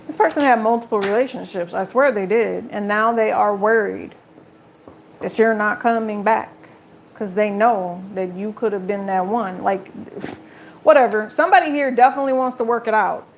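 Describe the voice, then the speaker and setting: A woman's voice: medium pitch, moderate pace, a little hiss or hum. A woman giving a casual tarot reading straight to her viewers, blunt and chatty, swearing freely. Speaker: tarot reader.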